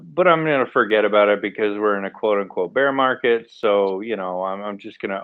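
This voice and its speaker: An American man speaking as a panelist in a casual live discussion, animated and acting out little scenarios as he talks. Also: medium pitch, normal speed, no echo. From United States. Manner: animated, acts out mock scenarios, laughs. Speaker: AMA panelist. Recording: tinny phone-like line, dry.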